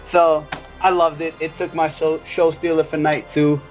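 A man's voice: fairly high pitch, level tone, moderate pace, highs cut off, faint music behind. A man co-hosting a casual chat, easygoing with frequent restarts. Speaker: podcast co-host.

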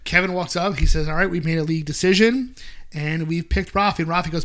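A man's voice: high voice, quick pace. A man hosting a casual podcast, animatedly recapping an episode and quoting characters. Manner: animated, quotes characters in bursts. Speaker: podcast host.

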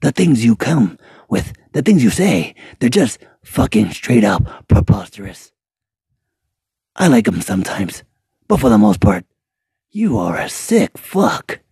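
A man's voice: medium pitch, very animated, measured pace, creaky, a little mellow, breathy edge, dry recording. A man delivering a comedic, profane roast rant full of mock-angry insults. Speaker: voiceover ranter.

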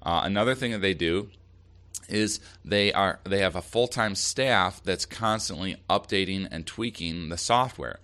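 A man's voice: deep voice, unhurried, pushed and bright. A man hosting a solo marketing podcast, giving upbeat, direct advice with emphasis. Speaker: podcast host.

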